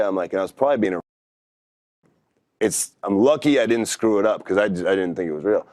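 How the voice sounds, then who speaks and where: Laid-back deep-voiced man rambling. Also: quick pace, pauses often, darkish tone, no room sound. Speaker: podcast guest. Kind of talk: casual storytelling.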